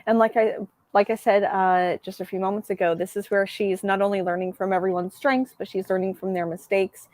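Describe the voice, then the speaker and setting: A woman's voice: mid-range voice, level tone, fairly quick, darkish tone, dry recording. Thoughtful female guest, dry sound. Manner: thoughtful, reflective. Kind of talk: casual comic book discussion.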